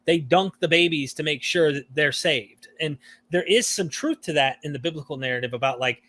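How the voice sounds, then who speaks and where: A man hosts a relaxed podcast conversation, his voice sitting somewhat high for a man. He reasons aloud, hedges his claims, and lifts his voice when he voices other people's views. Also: normal speed, no echo. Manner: thoughtful, hedging, animated when quoting views. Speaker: podcast host. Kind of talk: casual discussion.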